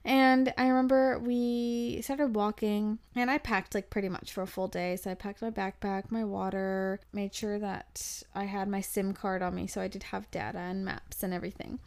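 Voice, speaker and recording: A young woman spins a travel tale for her podcast in a casual, lively voice. She rambles with plenty of fillers and slips into acting out what people said. Her pitch sits in an ordinary middle range. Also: moderate pace, hardly any pauses, smooth. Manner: chatty, animated, acts out quotes with fillers. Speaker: podcast host telling a travel story. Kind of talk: casual storytelling.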